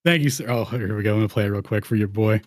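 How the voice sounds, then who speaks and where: A man's voice: lowish voice, rapid-fire, a little mellow, no room sound, clean studio sound. A man hosting a round table, talking casually and slangily over slides, rambling and restarting phrases. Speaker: host.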